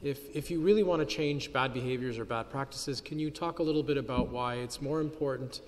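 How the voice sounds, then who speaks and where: A man's voice: medium pitch, a little fast. A man asking a polite, long run-on question in a parliamentary debate. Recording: long hall reverb.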